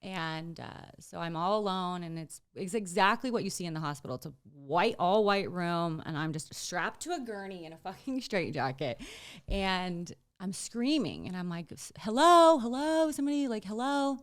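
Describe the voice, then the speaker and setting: A woman's voice: fairly low pitch, animated, moderate pace, smooth. A young woman guest in an interview, telling her own painful story bluntly and tearfully, swearing freely. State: tearful, emotional. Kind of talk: candid personal storytelling.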